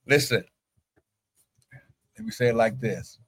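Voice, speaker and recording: A male pastor preaching a morning livestream sermon, breaking into loud exclamations and speaking in tongues. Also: medium pitch, measured pace, long pauses, breathy edge, low-quality recording.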